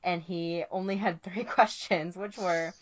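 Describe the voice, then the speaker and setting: Woman, giggly podcast co-host, lowish voice, muffled audio. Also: steady tone, measured pace. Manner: giggly, laughs often. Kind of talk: casual film podcast chat.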